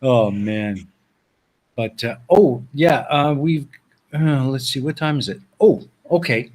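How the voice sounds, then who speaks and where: A man hosting a live stream, talking to his audience and guest in a relaxed, chatty way. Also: mid-range voice, slow pace. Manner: relaxed and chatty, laughs along. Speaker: host. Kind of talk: casual live-stream chat.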